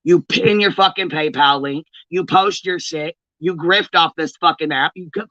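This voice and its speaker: Woman host mid-rant on her livestream: forceful, cursing, dry and lo-fi sound. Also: sits low, moderate pace, dry recording. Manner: heated, profane, confrontational calling-out. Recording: dull, lo-fi stream audio.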